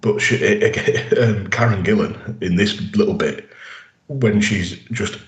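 A man's voice: lowish voice, takes it slowly, reverberant. A man co-hosting a casual podcast, recapping episodes at length with lots of fillers and restarts. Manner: rambling, enthusiastic recaps with many fillers. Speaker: podcast co-host. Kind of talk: casual chat.

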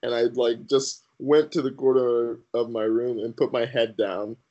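A man guest on a podcast sharing his personal faith testimony in an earnest, halting way with many fillers. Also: medium pitch, little pitch movement, dark tone, muffled recording.

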